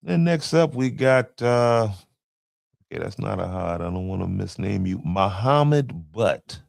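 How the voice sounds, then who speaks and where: Male podcast host, low gravelly voice, dry close sound, casual slangy commentary. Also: moderate pace, darkish tone, dry recording. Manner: loose slangy storytelling, stumbling over names.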